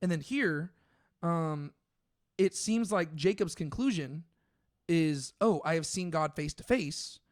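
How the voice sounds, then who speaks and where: A man's voice: a little high, animated, slow, dry recording, clean studio sound. A man co-hosting a casual Bible discussion, thinking aloud with plenty of fillers and restarts. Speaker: podcast co-host.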